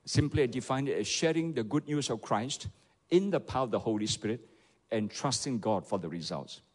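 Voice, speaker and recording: A man preaching a sermon, animated and peppered with "okay" and "isn't it". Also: medium pitch, brisk. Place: church hall. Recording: echoey church hall.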